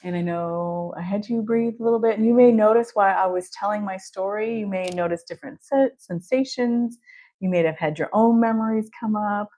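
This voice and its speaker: A woman's voice: mid-range voice, brisk, mellow. A woman therapist hosting a podcast, telling a candid personal story in an open, chatty way and laughing often between phrases.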